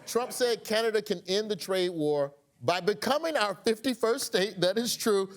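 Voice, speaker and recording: Lively, wry male panel show host. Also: high-pitched. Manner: quick, wry and animated, laughing at his own jokes. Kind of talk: comedic panel show hosting. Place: TV studio with a live audience.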